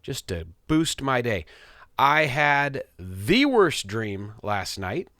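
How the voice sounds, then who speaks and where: A man's voice: mid-range voice, sing-song, slow pace, bright, forceful tone, no echo, studio quality. A middle-aged man hosting his podcast, telling a story in a rambling, self-amused casual monologue. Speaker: podcast host. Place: small home studio.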